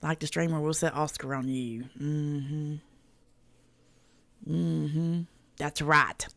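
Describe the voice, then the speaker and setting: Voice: medium pitch, fairly even intonation, normal speed, sharp tone. A host runs a casual reaction livestream. The talk is folksy and drawling, loose and peppered with swearing. Viewers get greeted by name between remarks.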